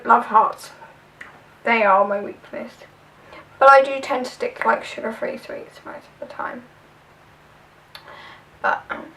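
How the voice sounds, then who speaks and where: A young southern English woman vlogs a tag video, chatty and rambling, leaning on fillers throughout. Her voice sits on the high side, creaky with a fairly bright tone, and she's far from the mic in a low-quality recording.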